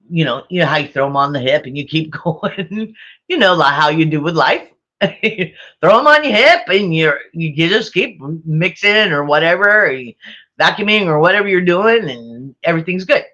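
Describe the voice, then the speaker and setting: A woman's voice: fairly low pitch, fairly bright tone, muffled recording. A woman vlogger telling a rambling family story, repeating herself and chuckling often. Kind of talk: casual storytelling.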